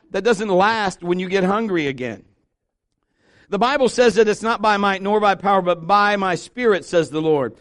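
A man's voice: very high-pitched, animated, unhurried. A middle-aged man preaching a sermon in church, conversational and joking, with asides to the congregation. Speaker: pastor. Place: church sanctuary.

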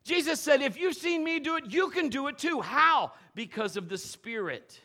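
Animated high-voiced male preacher. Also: normal speed. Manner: animated, swings from loud exhortation to low asides, playful. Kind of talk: sermon. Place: church service.

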